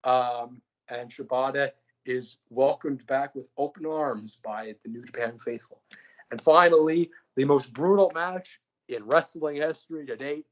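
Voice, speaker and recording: A man's voice: medium pitch, measured pace, poor audio. Rambling young man recapping wrestling. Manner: rambling, joking, heavy fillers. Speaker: podcast co-host. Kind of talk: casual fantasy booking recap.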